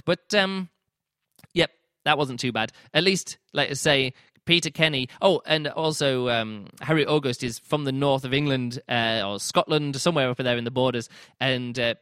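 A man's voice: medium pitch, pushed and bright, no room sound, studio quality. A man hosting a podcast, giving a casual spoken book review and acting out his own reactions in quoted asides. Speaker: podcast host reviewing books.

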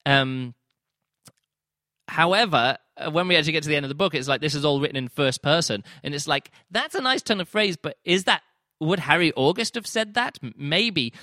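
Bright-voiced chatty man reviewing a book. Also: a little high, lively intonation, brisk, no echo, clean studio sound. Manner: chatty, acts out his own reactions in quoted asides. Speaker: podcast host reviewing books. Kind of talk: casual spoken book review.

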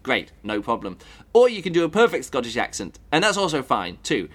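A man's voice: medium pitch, sing-song, fairly quick, a bit bright, slightly rough. Chatty man reviewing a book. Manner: rambling and chatty, thinking aloud with many fillers and restarts. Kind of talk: casual spoken book review.

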